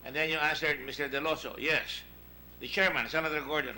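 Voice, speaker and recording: A man's voice: fairly high pitch, fairly even intonation, a little fast, bright, forceful tone, slight background noise, low-quality recording. A man with a Filipino accent chairing a senate hearing, questioning witnesses emphatically and wandering into asides. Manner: emphatic, digressive, reads out past exchanges.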